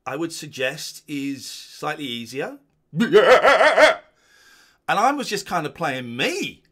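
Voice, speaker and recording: A man's voice: fairly high pitch, animated, a little slow, pushed and bright. A man hosting a casual watch-along, rambling and chuckling as he comments on an old episode.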